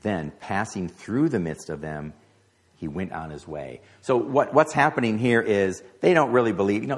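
A man with a very low voice teaches through a scripture passage. He reads the verses aloud and then unpacks them in plain, conversational talk. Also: lively intonation, moderate pace. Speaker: Bible teacher. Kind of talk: sermon-style Bible teaching.

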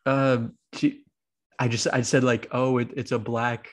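A man's voice: mid-range voice, little pitch movement, unhurried. A man hosting a podcast, telling a long story in casual chat, with lots of filler words and quoted dialogue. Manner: rambling storytelling full of "like" and acted quotes. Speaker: podcast host.

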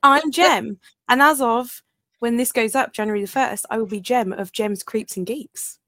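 A woman's voice: on the high side, normal speed, a bit bright, no room sound. Bubbly laughing woman co-host. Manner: bubbly, laughing, sweary storyteller. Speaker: podcast co-host. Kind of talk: casual chat.

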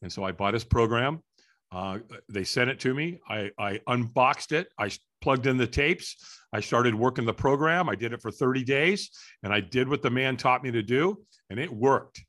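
A middle-aged man telling a story as an interview guest, lively and acting out the voices of people in it. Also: medium pitch, moderate pace. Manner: animated, acts out voices in his story. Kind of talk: storytelling in conversation.

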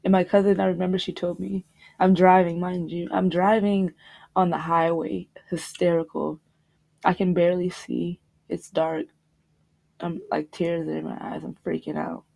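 A young woman on a podcast telling a personal story about grief, halting and reflective, with pauses and restarts. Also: fairly low pitch, little pitch movement, gravelly, a little mellow. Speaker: podcast guest.

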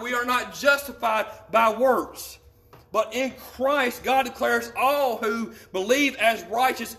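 A high-pitched male pastor delivering a church sermon. He reads scripture in a slow, deliberate way and often repeats phrases for emphasis. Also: fairly bright tone.

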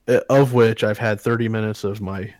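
A man's voice: on the low side, fairly even intonation, moderate pace, a little mellow, dry recording. A man co-hosting a podcast, telling a story in casual, profane, heated chat. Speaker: podcast co-host.

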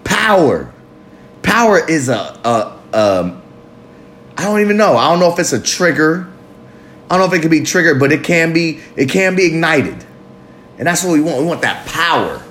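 On a live recovery talk show, a male host delivers a loose, profane, confessional monologue, sometimes stretching his words out. His voice sits a little high, with big swings in pitch, at a normal speed. The sound is slightly bright, with a touch of hiss or hum.

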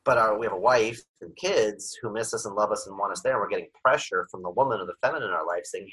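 Brief: lower-voiced man with a husky edge, animated podcast guest who breaks into little acted-out scenes. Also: fast talker, hardly any pauses, rough recording. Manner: animated, acts out scenes with sudden louder, higher bursts. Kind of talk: podcast conversation.

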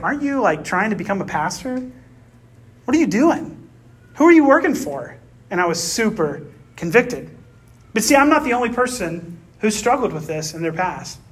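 A man preaching a conversational sermon, often checking in with the congregation through quick tag questions and personal stories. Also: high voice, a little hiss or hum. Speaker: pastor.

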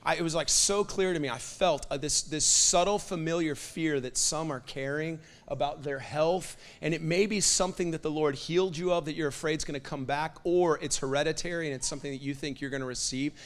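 A young man preaching a sermon. He talks casually with lots of "like" and builds to loud, passionate declarations. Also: a little high, brisk, few pauses. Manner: impassioned, builds to loud prophetic declarations with fillers like "like".

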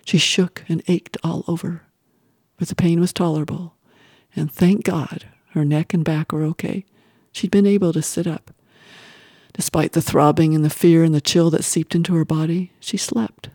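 A woman's voice: deep voice, dry recording. Woman narrating a story, dry close sound. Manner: measured, expressive reading with whispered asides. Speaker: audiobook narrator. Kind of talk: scripted narration.

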